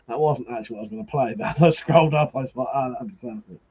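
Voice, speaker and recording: A man's voice: medium pitch, slightly rough. A man hosting a live stream, chatting casually, swearing and laughing as he teases viewers, with slightly muffled audio. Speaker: livestream host.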